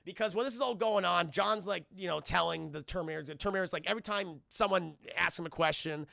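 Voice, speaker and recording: A young man casually recapping a film on a live stream, animated and profane, constantly addressing chat. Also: high-pitched, quick pace, creaky, dry recording, clean studio sound.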